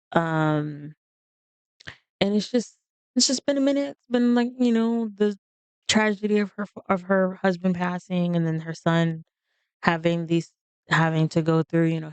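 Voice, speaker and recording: A woman's voice: low-pitched, darkish tone, clean tone, dry recording. A woman casually narrating her life-simulation gameplay in a chatty, rambling way. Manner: chatty, rambling, with fillers and asides. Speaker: game streamer narrating gameplay. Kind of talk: casual let's-play commentary.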